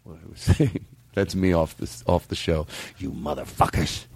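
A man hosting a comedy podcast, giggly and excitable, bantering loosely and swinging between loud outbursts and quiet asides. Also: deep voice, normal speed, dry recording.

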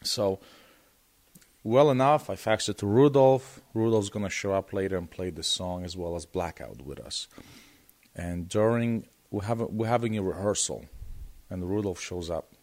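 A man being interviewed as a guest guitarist, telling a story in a lively, casual way, often repeating and restarting words. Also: deep voice, normal speed.

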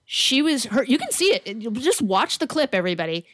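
A woman co-hosting a casual political chat podcast, talking in an animated, blunt way and swearing freely. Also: fairly high pitch, brisk, no echo. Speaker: podcast co-host.

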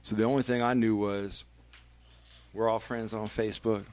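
A man's voice: on the low side, level tone, moderate pace, darkish tone. A man, a radio personality, telling a candid and emphatic personal story as a podcast guest, swearing freely.

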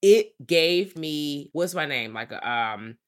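A woman co-hosting a podcast, recapping a horror comedy in a casual, profane and animated way. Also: deep voice, slow, clean tone. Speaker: podcast co-host. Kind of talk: casual movie review chat.

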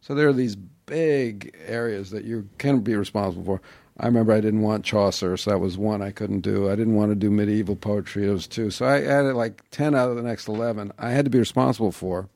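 A man's voice: fairly low pitch, fairly quick, gravelly, darkish tone, no room sound. A man as a podcast guest, talking in a reflective, self-deprecating, wry way in casual interview chat on a close mic.

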